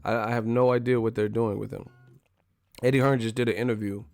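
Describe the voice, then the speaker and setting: A man hosting a live boxing talk stream, riffing in an animated, profane, joking way. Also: mid-range voice, fairly quick, gravelly, no room sound. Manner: animated, profane, laughing riffs. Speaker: boxing channel host. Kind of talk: casual live-stream commentary.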